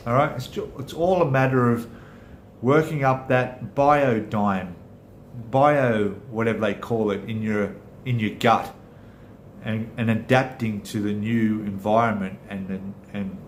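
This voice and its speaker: A middle-aged man with an Australian accent chats casually to his viewers, wandering from point to point and often correcting himself. His voice sits in an ordinary middle pitch. It rings a little in a roomy space, over a faint low rumble. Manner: rambling, chatty, self-correcting. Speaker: channel host. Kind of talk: casual live chat with viewers.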